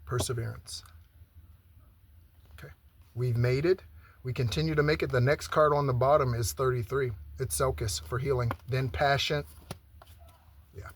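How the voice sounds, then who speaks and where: A man giving a spiritual tarot reading in a chatty way, often checking in with "okay?". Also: mid-range voice. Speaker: tarot reader. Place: home in Southern Arizona.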